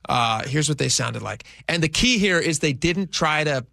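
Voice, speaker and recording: A man's voice: on the high side, expressive, moderate pace, vocal fry, bright, forceful tone, dry recording. A man co-hosting a radio talk show, chatting and joking casually with his co-host. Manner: chatty, joking, easily amused.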